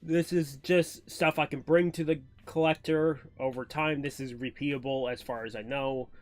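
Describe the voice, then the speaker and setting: A man streaming a game, chatting casually and thinking aloud as he sorts through things. His voice sits at a middle pitch with an ordinary, unhurried delivery. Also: a bit bright. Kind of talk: casual gameplay commentary.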